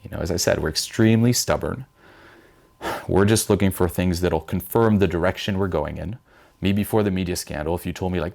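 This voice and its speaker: A young man giving blunt, profane self-help advice, mimicking panicked voices in a higher pitch. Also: fairly quick, creaky, darkish tone. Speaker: vlogger giving life advice. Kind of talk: direct-to-camera self-help talk.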